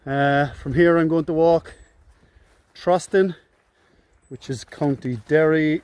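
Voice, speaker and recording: A man's voice: mid-range voice, steady tone, unhurried, darkish tone, a little hiss or hum. A young man with a Cork Irish accent, chatting casually to a phone camera as he walks alone across an open hillside, rambling and joking with himself. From Cork, Ireland. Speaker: solo hiker vlogger. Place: outdoors on open hillside and meadow.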